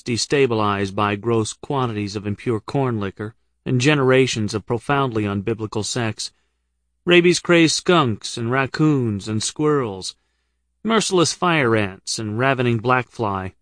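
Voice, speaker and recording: A man's voice: mid-range voice, dry recording. A man narrating his own comic travel memoir in a dry, wry storytelling manner, read close to the microphone. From United States. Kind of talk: first-person audiobook narration.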